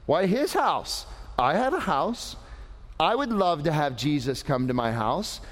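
A man's voice: a little high, very animated, a little slow. A preacher voicing an indignant, grumbling townsman. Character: indignant self-righteous male townsman grumbling. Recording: long hall reverb.

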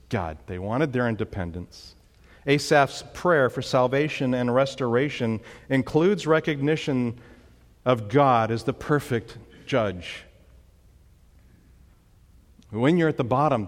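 A man's voice: medium pitch, in a large hall. A man preaching a sermon, emphatic, with dramatic rises when he quotes commands. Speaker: pastor.

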